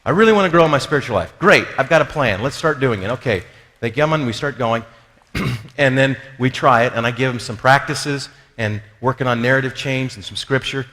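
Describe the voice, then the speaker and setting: A man's voice: medium pitch, normal speed, sharp tone. A man giving a conversational teaching talk on spiritual life, joking at his own expense and acting out the voices of people he quotes. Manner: conversational, acts out quoted voices, self-deprecating jokes. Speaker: speaker on spiritual formation. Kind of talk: lively teaching talk with humor. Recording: long reverb of a large hall.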